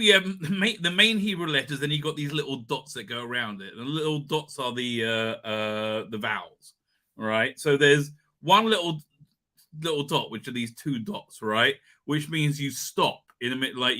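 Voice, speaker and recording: Bright, rambling male live-stream host. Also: medium pitch. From Israel. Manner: rambling, with many fillers, restarts and laughs. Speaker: host of a live online show. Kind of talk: casual live-stream chat.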